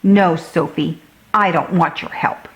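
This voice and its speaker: A bragging little boy pirate, full of himself and quick to flare up, as a woman reads him aloud. He talks big and loud about his ship in a storybook. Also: fairly low pitch, poor audio. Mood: snappish. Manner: boastful, then loudly angry.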